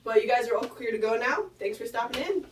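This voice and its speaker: A woman's voice: fairly high pitch, fast, noisy background, lightly acted. Teen girl playing a friendly prenatal doctor. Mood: explaining. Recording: roomy far-off camera audio.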